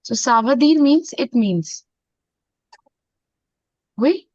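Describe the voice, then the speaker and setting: Indian lady teacher going over french phrases, kinda high voice, dull dry lo-fi sound. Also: expressive, a little mellow, no echo. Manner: mixes Hindi into English teaching, repeats French phrases slowly. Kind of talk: online classroom lesson.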